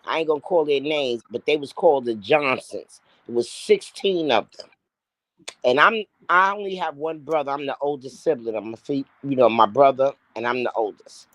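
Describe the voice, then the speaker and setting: Sixties Bronx woman, raspy and deep, lively talker, joining a live chat. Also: moderate pace, dry recording, poor audio. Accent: New York. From the Bronx, New York. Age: 60s. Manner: animated, talkative, laughs often. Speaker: live show guest.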